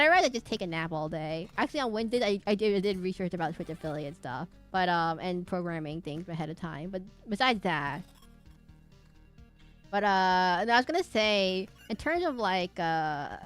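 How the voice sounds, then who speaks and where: A young woman talks her way through a game stream in a loose, giggly ramble, circling back and restarting her sentences as she goes. Her pitch sits in a plain middle range. Faint game music hums underneath. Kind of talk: casual chat while streaming a game.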